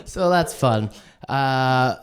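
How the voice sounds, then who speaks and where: A man doing a stand-up set, manic and swearing, who acts out other people's lines in a shrill voice. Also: lively intonation, very slow, a crowd in the background. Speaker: stand-up comedian. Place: online streamed show.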